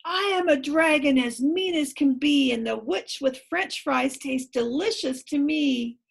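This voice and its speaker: A mean male dragon from a children's picture book, greedy and boastful until he splutters out apologies, read aloud by a woman. The voice sits fairly high with a gravelly edge, and the delivery is unhurried. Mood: menacing. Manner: gloating, then spluttering apologies.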